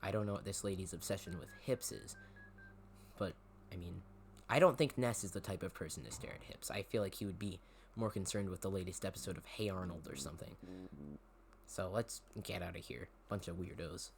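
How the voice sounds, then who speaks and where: A man's voice: deep voice, brisk, gravelly, a little hiss or hum. A man hosting a let's-play, chatting casually with wry asides as he plays. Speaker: gaming channel host. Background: game music.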